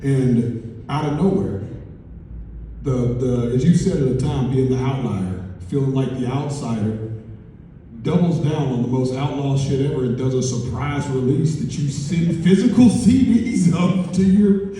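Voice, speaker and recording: A man chatting excitedly and slangily on stage, laughing often. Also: mid-range voice, measured pace, slight background noise. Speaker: musician interviewing another on stage. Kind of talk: excited interview chat before a live audience. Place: large conference hall. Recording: echoey hall, distant mic.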